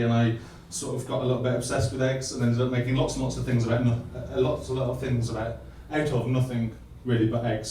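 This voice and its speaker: A man giving a light-hearted science talk on stage, self-deprecating and halting, full of restarts. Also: medium pitch, a little mellow, a little hiss or hum. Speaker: guest speaker. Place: live comedy venue. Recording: echoey hall from far off.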